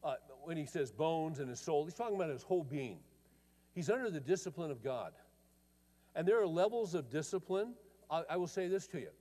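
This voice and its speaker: A man's voice: fairly high pitch, lively intonation, fairly quick, warm tone. An older man preaching a sermon in a folksy, conversational way, telling family stories and often restarting his phrases. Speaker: pastor. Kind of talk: storytelling sermon. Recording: long reverb of a large hall.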